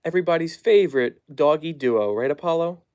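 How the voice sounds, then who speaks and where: A man casually chatting on a live stream at home, reading viewer comments aloud and softly hushing his dogs. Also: fairly high pitch, animated, a little fast, clean tone. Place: at home, down in the basement.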